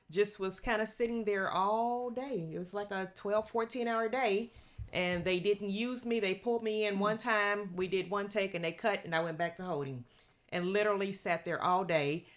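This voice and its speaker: A woman's voice: medium pitch, moderate pace. A woman, a guest background actor, telling her story in an easygoing way. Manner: easygoing, laughs as she tells. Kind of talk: casual storytelling.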